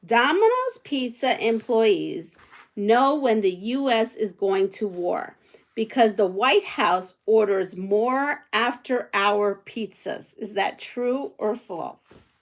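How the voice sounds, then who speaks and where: A woman's voice: a little high, animated, takes it slowly. A woman hosting a quilting livestream from home, chatting casually with viewers and thinking aloud as she sews. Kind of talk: casual live chat while sewing.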